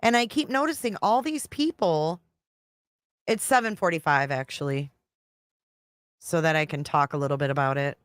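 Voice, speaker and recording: A woman's voice: low-pitched, normal speed, long pauses, no room sound, clean studio sound. A woman hosting a live stream, chatting casually and reading out viewer comments as she reacts to a clip. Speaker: livestream host reacting to a clip.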